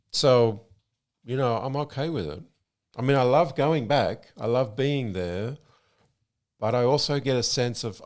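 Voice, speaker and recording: A middle-aged man with an Australian accent, co-hosting a podcast in a relaxed, frank way with casual swearing. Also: lowish voice. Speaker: podcast co-host. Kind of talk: casual conversational storytelling.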